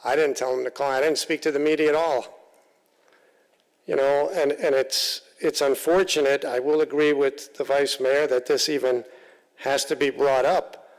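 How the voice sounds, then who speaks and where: A male council member giving halting, plain-spoken remarks at a council meeting, often repeating himself. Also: mid-range voice, steady tone, long reverb tail, rough recording. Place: council chamber.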